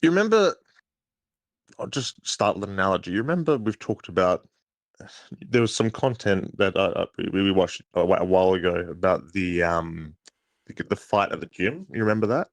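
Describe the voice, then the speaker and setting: A man's voice: low voice, animated, moderate pace, no echo. A man calling in to a livestream, making his case hesitantly with many fillers and restarts. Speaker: caller. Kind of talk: call-in debate.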